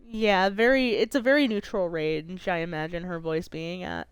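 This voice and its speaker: A woman's voice: lowish voice, normal speed, clean tone, no echo, soft background music. Chatty woman streamer, dry sound. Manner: chatty, explains rules eagerly. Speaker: streamer running the game. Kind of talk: casual gaming chat.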